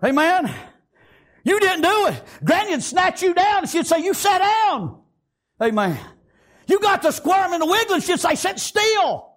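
A man's voice: very high voice, big pitch swings, normal speed, a bit bright. An older male pastor preaching a fiery sermon in a folksy country dialect, breaking in with praise and amens.

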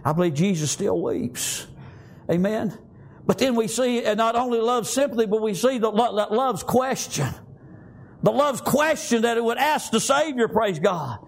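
A man's voice: very high-pitched, lively intonation, moderate pace, vocal fry. A male preacher delivering a sermon with fervor, scattering "praise God" and "amen" through his lines.

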